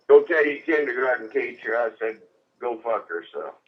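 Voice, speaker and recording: A man on a phone call, berating and insulting the caller in a lecturing tone. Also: mid-range voice. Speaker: prank call target. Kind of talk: phone argument. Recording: dull lo-fi phone audio.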